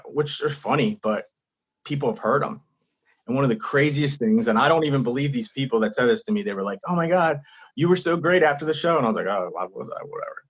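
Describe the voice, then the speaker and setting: Husky-voiced man telling a lively story. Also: medium pitch, muffled recording. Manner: animated storytelling, acts out quotes. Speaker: stand-up comedian, guest. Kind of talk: casual podcast chat.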